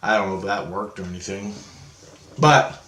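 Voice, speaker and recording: A man's voice: on the low side, normal speed, roomy sound. A man telling a long story in a casual, rambling monologue, swearing often and correcting himself as he goes. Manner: rambling, profane, animated retelling with self-corrections. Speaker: vlogger.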